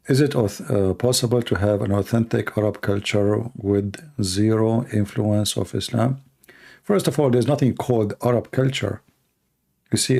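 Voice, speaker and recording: A man's voice: lowish voice, vocal fry, mellow. A man answering viewer questions in a casual monologue, blunt and opinionated, often repeating words as he goes.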